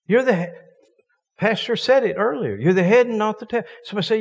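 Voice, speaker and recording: A man's voice: high voice, fast talker, big-room sound, dull audio. A man preaching a sermon as a visiting preacher, folksy and joking with emphatic points.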